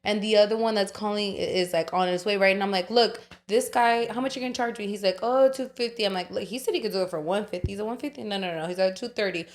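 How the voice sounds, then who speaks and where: Young woman, podcast co-host, rapid storytelling, lively and profane. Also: medium pitch. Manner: animated, swearing, acts out voices of others. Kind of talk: casual storytelling chat.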